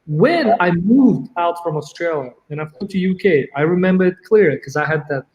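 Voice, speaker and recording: A man's voice: high voice, animated, normal speed, darkish tone, reverberant, rough recording. A man from Uzbekistan, a native Uzbek speaker, answering interview questions in casual talk, hesitant with many fillers and restarts. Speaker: interview guest, tech entrepreneur.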